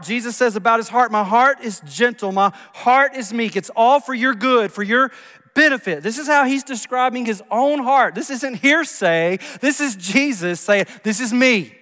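Male pastor, high-pitched, preaching in a reverberant hall with sharp drops to a hush. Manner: swings from loud emphasis to hushed near-whispers. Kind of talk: sermon. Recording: long reverb of a large hall.

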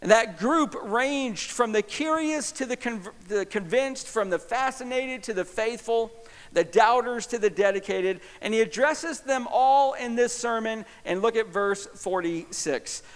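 A man with a high, bright-toned voice delivers a sermon as pastor, pressing his points with emphasis. He swings from loud, stressed phrases down to hushed, close appeals. His voice rings out with a long hall reverb around it. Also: measured pace.

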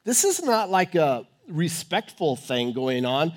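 High-voiced preacher man, emphatic. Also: big pitch swings, slow, hardly any pauses. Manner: emphatic, swinging between loud urging and hushed tones. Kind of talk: sermon.

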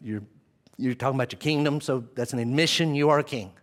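A man gives a sermon as pastor, speaking quickly in a mid-range voice. He's animated and acts out the voices he quotes.

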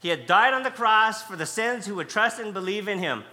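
A man delivers a sermon with a bright, piercing tone and a slightly high voice. He preaches conversationally but with emphasis, leaning on repeated key words. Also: lively intonation, a little fast. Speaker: pastor.

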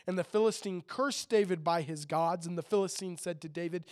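A man preaching in a relaxed, chatty way, reading scripture aloud and breaking off for joking asides to his listeners. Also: a little high, a little fast, few pauses. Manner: chatty, jokey asides to the audience. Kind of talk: casual sermon with scripture reading.

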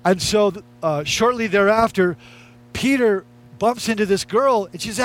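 A man's voice: high voice, unhurried, a bit bright. A male pastor preaching a sermon in a conversational, emphatic way, repeating his key lines.

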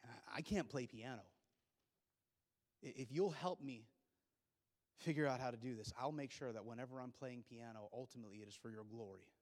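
A young man preaching a sermon, telling stories and swinging from hushed, intimate lines to loud, excited ones. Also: medium pitch, normal speed, long pauses, long reverb tail. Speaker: pastor.

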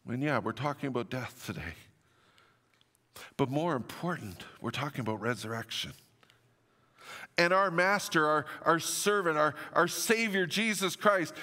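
A man's voice: on the high side, lively intonation, a little slow, sharp tone, big-room sound. A middle-aged man preaching a sermon as pastor, earnest and building to emphatic declarations.

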